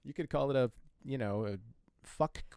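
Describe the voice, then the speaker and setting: A man's voice: mid-range voice, vocal fry, darkish tone, clear, resonant tone, no echo. Man hosting a dry podcast retelling. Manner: halting, with fillers and restarts; laughs often while telling. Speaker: podcast co-host. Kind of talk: casual chat retelling a book.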